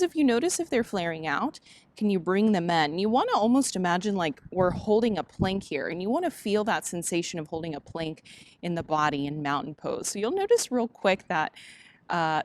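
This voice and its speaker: A woman yoga instructor calmly guiding a class through breath and movement cues, with gentle encouragement. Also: mid-range voice, background noise.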